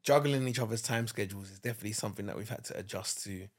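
A man's voice: on the low side, rapid-fire, husky. A man co-hosting a casual couple's podcast, explaining his point through everyday household examples in an easygoing way. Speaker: podcast co-host.

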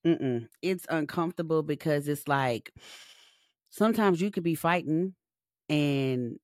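A young adult woman co-hosting a podcast in a blunt, animated, profane casual chat. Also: sits low, unhurried, dry recording, studio quality. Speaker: podcast co-host.

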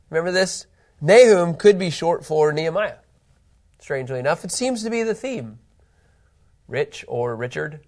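A man with a fairly high voice leads a relaxed Bible lesson in a classroom. He talks in a chatty way, throws questions to the group and restarts his phrases as he goes. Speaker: Bible teacher. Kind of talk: casual classroom Bible teaching.

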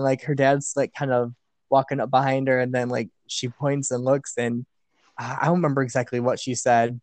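Speaking at a medium pitch with no echo, a man appears as a guest on a podcast in casual chat. He's hesitant and full of fillers, frequently laughing as he remembers things.

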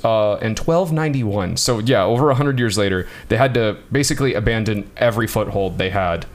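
A man's voice: lowish voice, fairly quick. A man co-hosting a casual history podcast, talking loosely with many fillers and frequent laughs. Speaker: podcast co-host.

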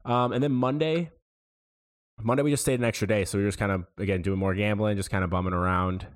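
A young man co-hosting a podcast, telling a rambling weekend story in a relaxed, casual way. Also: lowish voice, quick pace. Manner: laid-back rambling storyteller. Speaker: podcast co-host. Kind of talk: casual chat.

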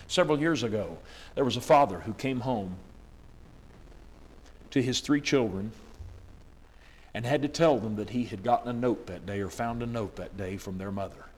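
A male preacher gives a dramatic sermon, swinging between hushed storytelling and loud, emphatic declarations. His voice is medium-pitched at a normal speed, with long pauses.

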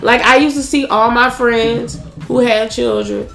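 A woman's voice: on the high side, steady tone, a little slow, gravelly, over music. A woman in her thirties chatting casually as a podcast co-host, telling stories in a blunt, profane way. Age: 30s. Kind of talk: casual chat. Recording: echoey room.

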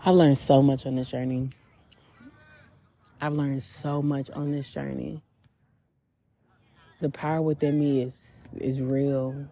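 Woman podcaster, gravelly husky voice, candid personal testimony. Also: a bass voice, little pitch movement, mellow. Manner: candid and reflective, with drawn-out pauses. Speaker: podcast host. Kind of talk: personal faith testimony monologue.

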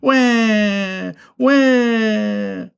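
A man's voice: very animated, drawn-out words, a bit bright, breathy edge, exaggerated voice. A man doing a wailing tiny skunk. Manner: wailing, childlike, high-pitched. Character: tiny male skunk, excitable little brother.

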